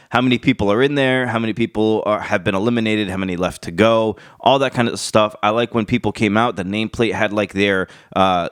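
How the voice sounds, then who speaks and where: On his wrestling channel, a man gives casual vlog-style commentary, energetic and full of emphatic, animated leaps in pitch. A cold has left his voice stuffy and congested. The recording is dry and of studio quality.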